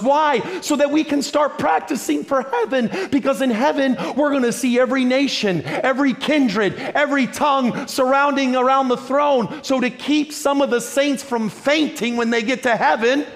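A pastor preaching a lively, humorous sermon that builds on repeated phrases. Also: male voice, very high-pitched, normal speed, vocal fry, hardly any pauses.

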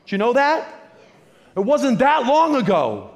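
Male pastor with a high voice, delivers a lively sermon with humor and repetition. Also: a little slow. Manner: lively, humorous preaching with repeated phrases.

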